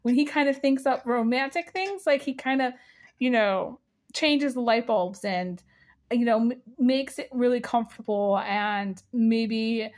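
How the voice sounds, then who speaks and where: A woman's voice: a little high, unhurried. A woman giving a casual spiritual tea reading, rambling with many fillers and breaking into giggles. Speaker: tea leaf reader.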